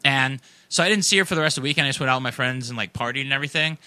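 A man's voice: medium pitch, racing, sharp tone, no room sound. A man telling a casual, rambling story, swearing freely and packing his speech with fillers. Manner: profane, rambling, heavy on fillers.

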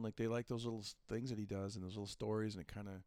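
A man's voice: lowish voice, steady tone, rapid-fire, darkish tone, no room sound, clean studio sound. A male stand-up comedian in casual podcast chat, rambling through stories and quoting voices. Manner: rambling, storytelling with quoted voices.

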